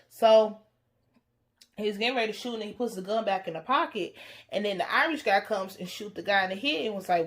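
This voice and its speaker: A woman giving a blunt, profane, animated recap of a TV episode in casual commentary. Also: medium pitch, brisk. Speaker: TV reaction reviewer.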